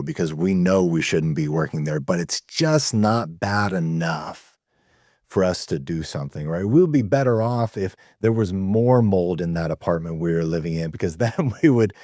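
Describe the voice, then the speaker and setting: Deep-voiced man telling stories on a call. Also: a little mellow, no room sound, studio quality. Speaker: guest, men's community founder. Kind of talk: conversational storytelling. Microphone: video call.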